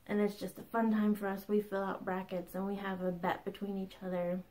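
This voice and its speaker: A woman in her thirties talks to the camera in a relaxed, chatty way, like a craft podcast host catching her viewers up. Her delivery is bubbly and full of small laughs and quick asides, and her pitch sits in an ordinary middle range for a woman. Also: rough recording. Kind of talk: casual chat.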